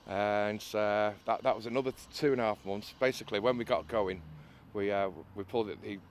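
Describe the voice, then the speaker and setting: A man's voice: fairly low pitch, fairly even intonation, brisk. A man telling a story about restoring an old canal boat, hesitating often with uhs and restarts. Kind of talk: casual interview anecdote.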